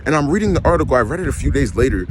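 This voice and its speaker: A man's voice: mid-range voice, expressive, racing, background noise. A young man, ranting emphatically and repeating himself in a vlog. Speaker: vlogger. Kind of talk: ranting monologue.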